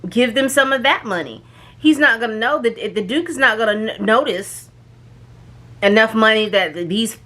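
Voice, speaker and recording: A woman casually recapping a show's episodes, telling the story in an animated way and acting out the characters' lines. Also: mid-range voice. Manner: animated storytelling, acts out quoted lines, frequent restarts and fillers. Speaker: reviewer recapping a show.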